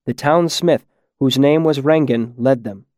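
A man reads a fable aloud at a measured, steady pace. His voice sits mid-range and the recording is close and completely dry, with no room sound. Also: mid-range voice, dry recording. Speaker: narrator. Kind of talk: storybook narration.

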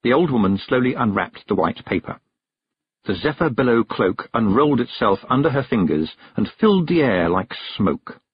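A man narrating a storybook in an expressive, measured reading. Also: medium pitch, slightly rough, no echo, highs cut off. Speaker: audiobook narrator.

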